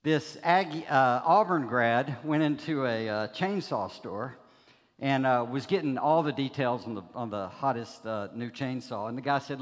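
Man, guest preacher, joking and folksy, church reverb, mid pitch. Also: normal speed. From Alabama. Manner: folksy, joking, chatty with many fillers. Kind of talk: sermon with jokes. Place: church sanctuary. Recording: long reverb of a church hall.

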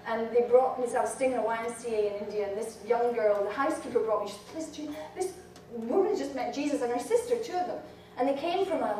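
A woman preaching a fervent sermon to a women's gathering, rising to shouts and dropping low. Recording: echoey hall from far off, faint noise.

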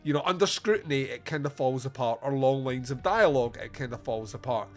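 A man's voice: mid-range voice, animated, brisk, faint music behind. A man hosting a podcast, chatting casually about a film, laughing often and swearing freely. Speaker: podcast host. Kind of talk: casual film review chat.

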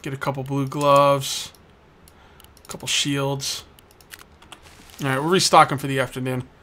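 A man's voice: mid-range voice, flat delivery, unhurried, pushed and bright, a little hiss or hum. A man hosting a let's play, giving casual gameplay commentary and joking with the game's customers as he goes. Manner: jokey, chats with game customers.

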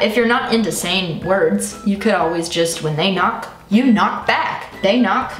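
A woman's voice: mid-range voice, unhurried, few pauses, far from the mic. A woman telling jokes in a playful comic monologue, laughing and acting out silly voices. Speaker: comedian. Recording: roomy echo, off the mic, faint music.

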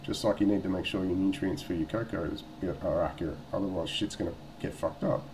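A man's voice: deep voice, steady tone, fast, noisy background. A man with an Australian accent talking casually to camera, blunt and rambling, swearing freely. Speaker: vlogger.

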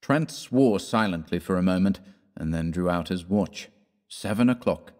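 A man narrating a classic horror story in a measured, dramatic storytelling manner. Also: deep voice, a little mellow, in a large hall. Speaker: audiobook narrator.

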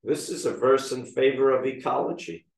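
A man's voice: medium pitch, normal speed. A man preaching a sermon as pastor, reading scripture with rising emphasis. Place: church. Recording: echoey church hall, mic at a distance.

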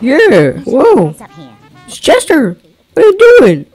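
A woman hosting a reaction video, gasping and exclaiming with excitement at each clip. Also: high-pitched, slow, raised voice, faint music behind.

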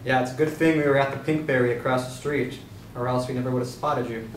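An actor reading a smug, bickering government agent with a mocking tone. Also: male voice, medium pitch, fairly even intonation, quick pace, slight background noise, lightly acted. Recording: echoey room, distant mic.

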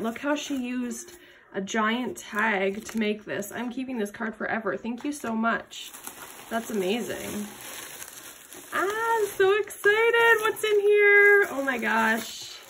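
A woman hosting an unboxing vlog at a craft table, gushing with excited exclamations over each item. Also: on the high side. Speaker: craft channel host.

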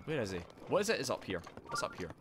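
A Scottish man commentating his gameplay live, greeting viewers and yelling in panic when things go wrong. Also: medium pitch, fast, noisy background. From Scotland. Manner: excitable, yelps and shouts in panic, greets chat. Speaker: streamer.

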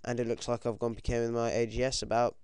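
A British teenage boy giving casual, excitable commentary over his own game, swearing often and yelping when things go wrong. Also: medium pitch, quick pace, clear, resonant tone. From United Kingdom. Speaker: gaming commentator.

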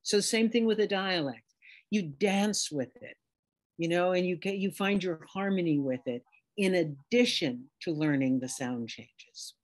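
A woman's voice: on the low side, a little slow. A middle-aged woman from New York City, a dialect coach, talking casually and expressively in an interview. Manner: animated, expressive, talks in images and examples.

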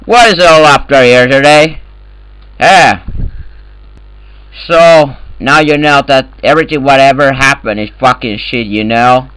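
A man trolling other players in game voice chat, loud and profane, speaking in broken English. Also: mid-range voice, unhurried, clear, resonant tone, dry recording, poor audio. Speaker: gamer in voice chat.

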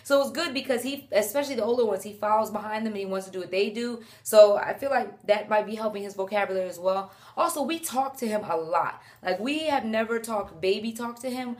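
A young woman chatting to the camera at home while holding her baby, animated and chatty, breaking off to talk to him. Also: medium pitch, brisk, hardly any pauses. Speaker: mom vlogger. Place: at home indoors.

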